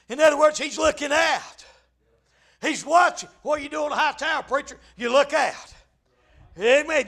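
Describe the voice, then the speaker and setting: Male preacher, very high gravelly voice, fervent sermon with shouted bursts and constant amens.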